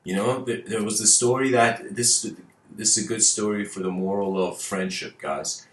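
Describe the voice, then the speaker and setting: A man's voice: fairly low pitch, steady tone, moderate pace, roomy sound. A man whose first language is Persian, talking casually to viewers, rambling through fables with frequent laughs and restarted words.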